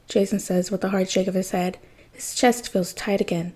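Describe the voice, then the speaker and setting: A woman narrating fan fiction for a podfic, her delivery even and unhurried. Her voice is mellow and slightly breathy, never sharp. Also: mid-range voice, rough recording. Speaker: podfic reader.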